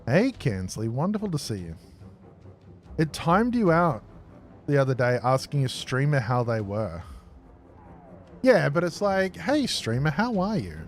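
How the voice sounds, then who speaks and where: A man's voice: mid-range voice, big pitch swings, unhurried, long pauses, faint music behind. A man streaming a factory-building game, chatting and joking casually with his viewers. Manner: jokey, chatty, responds to chat aloud. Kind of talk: casual live-stream chat.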